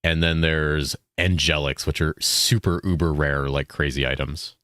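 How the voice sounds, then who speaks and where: Low-voiced man streaming a game. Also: steady tone, moderate pace, fairly bright tone, no room sound, clean studio sound. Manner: explains game items, thanks viewers; loose and joking, swears. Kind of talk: casual gameplay chat.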